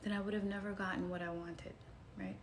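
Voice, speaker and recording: Addressing her viewers as y'all, a woman vlogger recounts a personal story with casual energy, dropping to hushed retellings and then bursting out excitedly. She speaks briskly at a medium pitch over slight background noise.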